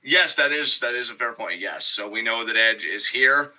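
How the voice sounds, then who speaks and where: Male co-host, casual chat, loose and filler-heavy, bright tone. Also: medium pitch, normal speed, poor audio. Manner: relaxed, chatty, lots of fillers. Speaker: podcast co-host.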